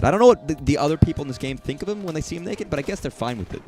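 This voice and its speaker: Rapid-fire and nearly pause-free, a young male streamer from the southern US talks over his gameplay in a warm, rather high voice with lively intonation. His casual commentary is profane and wandering, full of jokey asides, with faint game music underneath.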